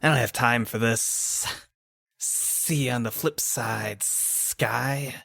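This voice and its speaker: A man's voice: mid-range voice, slow, vocal fry, bright, forceful tone, no echo, clean studio sound, exaggerated voice. A man voicing a sleazy, jaw-unhinging male villain with a mocking drawl. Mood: smug.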